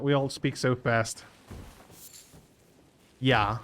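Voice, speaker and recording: This mid-range male voice belongs to a native Spanish speaker from the Canary Islands, Spain, who chats casually in English with a Spanish accent while livestreaming a game. He speaks at a measured pace, often restarts his words, and soft music plays underneath.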